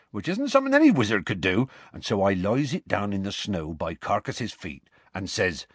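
Guy doing hagrid, big gruff half-giant, rough grammar, husky dry voice. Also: on the low side, a bit bright, no room sound, heavily acted. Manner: rough colloquial grammar, slow homely storytelling.

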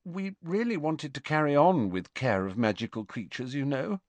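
A timid, earnest teenage schoolgirl witch, voiced by a male storyteller, tremulous and anxious in an audiobook. Her lines sit far up above the reader's deep voice. The sound is dry and close. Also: wildly swooping pitch, moderate pace, no echo, heavily acted.

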